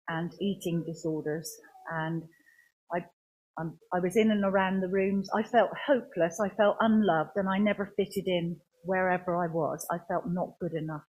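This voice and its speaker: A woman giving a personal faith testimony in church, speaking earnestly in a halting way with many restarts. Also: fairly low pitch, husky, rough recording.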